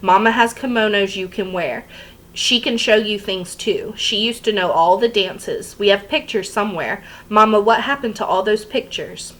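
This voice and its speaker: A gentle mother who speaks quietly and patiently to calm her angry husband, read by a woman reading a novel aloud. Her voice is soft and steady, close to an ordinary reading voice. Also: medium pitch, moderate pace, close to an everyday voice, low-quality recording. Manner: quiet, soothing.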